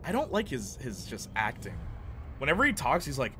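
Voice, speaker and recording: A man's voice: mid-range voice, big pitch swings, fairly quick. A young man streaming a video game, rambling casually and answering chat, laughing often. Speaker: gaming streamer. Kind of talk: casual chat while playing. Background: game music.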